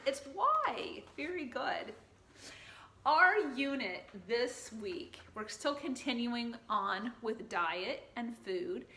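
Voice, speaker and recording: A woman's voice: fairly high pitch, pushed and bright. A woman teaching a preschool class at circle time, reading a picture book aloud and leading call-and-response in a sing-song manner.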